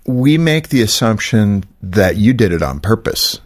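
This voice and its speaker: A man's voice: on the low side, very animated, a little slow. A man hosting a conversation, talking animatedly and playfully while asking long questions. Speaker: host. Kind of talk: casual conversational interview.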